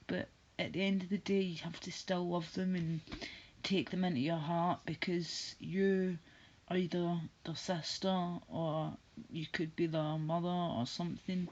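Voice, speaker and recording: A woman's voice: fairly low pitch, a little mellow, lo-fi sound. A woman streaming live, casually chatting with viewers in a blunt, sweary, teasing way.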